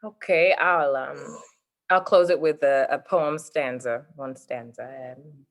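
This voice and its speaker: A woman's voice: extremely low pitch, steady tone, slow pace. A woman guest, a poet and author, talking expressively in an interview, laughing often and reading her poetry.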